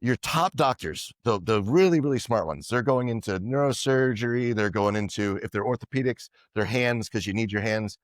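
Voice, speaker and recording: A man being interviewed as a podcast guest, telling lively anecdotes and acting out what others said. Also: mid-range voice, normal speed, hardly any pauses, no echo, studio quality. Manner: animated anecdotes, quoting others in dialogue. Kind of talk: casual storytelling interview.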